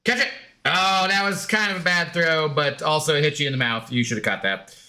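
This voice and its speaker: A man's voice: fairly high pitch, a little fast, pushed and bright. A man streaming a game in casual, rambling chat, joking with his dog and greeting viewers.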